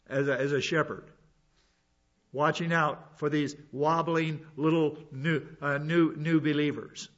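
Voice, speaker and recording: A man's voice: a little high, fairly even intonation, a little slow, a bit bright. A man preaching a sermon, reading scripture and explaining it verse by verse with plain asides. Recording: dull lo-fi sound.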